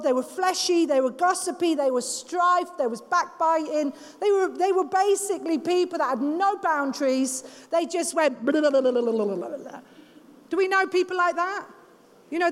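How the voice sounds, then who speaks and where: A woman preaching a sermon to a women's gathering in an emphatic, exhorting, animated way. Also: very high-pitched. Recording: long hall reverb.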